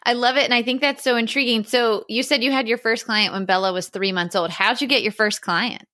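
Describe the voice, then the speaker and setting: Bright-voiced woman hosting a podcast. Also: a little high, fairly even intonation, a little fast. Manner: warm, encouraging, laughs along. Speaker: podcast host. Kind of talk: casual interview.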